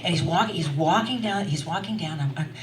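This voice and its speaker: An older woman telling a story live to an audience at a wine bar, animated and chatty, laughing often as she talks. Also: on the low side, brisk. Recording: roomy sound from a distant mic.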